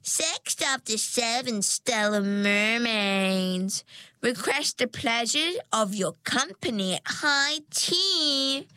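A woman's voice: on the high side, animated, slow, bright, forceful tone, clean tone, no room sound, heavily acted. A woman voicing a small male crab who makes a formal announcement. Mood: announcing.

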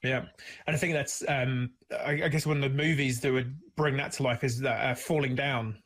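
A man's voice: mid-range voice, fairly even intonation, moderate pace, a bit bright. A man hosting a casual conversational interview, rambling with many restarts and filler words. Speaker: podcast host.

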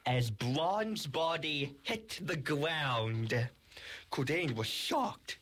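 A young storyteller making up a toy adventure, rambling and excited, with frequent restarts. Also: medium pitch, very slow, a little hiss or hum. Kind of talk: improvised storytelling.

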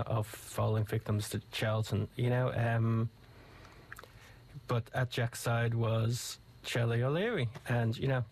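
Irish guy on the radio, rambling chatty host, mid pitch, easygoing. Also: darkish tone. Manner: rambling, conversational, enthusiastic. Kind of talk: casual radio chat.

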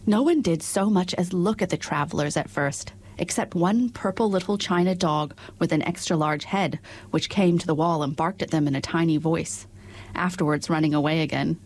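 A woman narrating a storybook in a measured, expressive reading voice. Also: low voice.

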